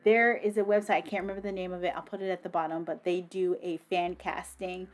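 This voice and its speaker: Excitable woman gushing over books. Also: fairly low pitch, fast, soft background music. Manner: enthusiastic, swears freely, many ums and restarts. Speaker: book vlogger. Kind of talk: casual book review.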